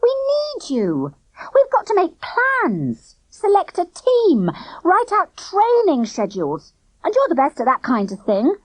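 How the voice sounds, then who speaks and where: A woman reading a storybook, voicing a fierce, bossy young girl who snaps and shouts. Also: wildly swooping pitch, unhurried, dry recording, exaggerated voice. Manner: shrill, snappish, bossy.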